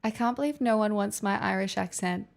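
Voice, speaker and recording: A woman's voice: medium pitch, fairly quick, creaky. An Australian woman livestreaming, chatting casually and answering viewers' messages with rambling restarts.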